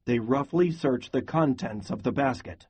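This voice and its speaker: A man reading a novel aloud in a steady, even voice for a class lesson. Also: mid-range voice, normal speed, breathy edge. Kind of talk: read-aloud lesson narration.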